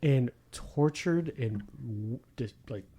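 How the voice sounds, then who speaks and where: A man's voice: mid-range voice, takes it slowly, slightly rough. Male podcast host, casual and profane, acts out quotes while he tells stories. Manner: profane, animated storytelling with acted-out quotes. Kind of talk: casual chat.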